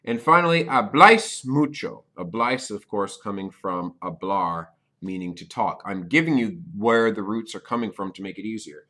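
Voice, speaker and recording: Low-voiced man teaching a patient lesson. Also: expressive, moderate pace, hardly any pauses, bright, forceful tone. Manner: patient explaining, checks in with "okay?"; repeats key points for beginners. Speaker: Spanish teacher. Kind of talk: recorded video lesson.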